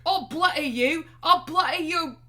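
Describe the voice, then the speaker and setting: A woman voicing a brawling male wrestler in a clumsy put-on Scottish accent, loud and overblown. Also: very high-pitched, measured pace, voice pushed up, exaggerated voice. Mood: threatening. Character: bad mock-Scottish male wrestler, bellowing threats.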